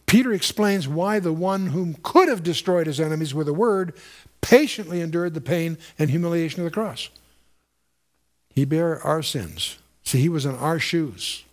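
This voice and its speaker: A man's voice: a little high, lively intonation, moderate pace. A man giving a verse-by-verse sermon, explaining the text earnestly, with rhetorical questions and frequent restarts. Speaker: Bible teacher.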